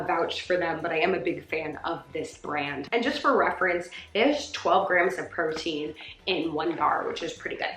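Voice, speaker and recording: A woman's voice: on the low side, fairly bright tone, roomy sound. A woman chatting casually as a vlogger, unboxing a shopping haul and filling her talk with likes and ums. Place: room at home.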